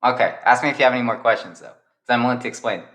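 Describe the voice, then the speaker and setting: A man's voice: medium pitch, racing, fairly bright tone, echoey room. Rambling young man retelling a story. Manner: rambling, eager, explains with restarts. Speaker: storyteller, series creator.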